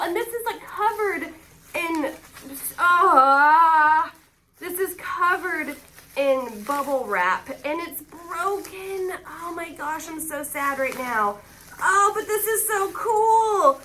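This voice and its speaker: A woman vlogging casually as she unboxes gifts, excitable and gushing. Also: very high-pitched, takes it slowly, a little hiss or hum. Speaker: AuthorTube vlogger.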